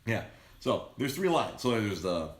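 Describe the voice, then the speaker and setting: A man on a casual podcast, telling a story with a lot of swearing. His pitch swings widely as he acts out the people in it. He sits a little low in pitch, and the studio sounds roomy. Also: unhurried. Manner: animated, swears constantly, acts out quoted people. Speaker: podcast co-host. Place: podcast studio in a comic shop.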